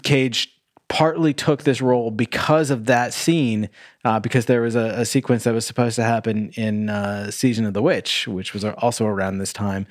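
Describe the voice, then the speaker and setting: A man's voice: medium pitch, steady tone, moderate pace, no echo, clean studio sound. A young man co-hosting a podcast, chatting casually through a movie review, rambling with lots of filler words, cursing and laughing often. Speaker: podcast co-host.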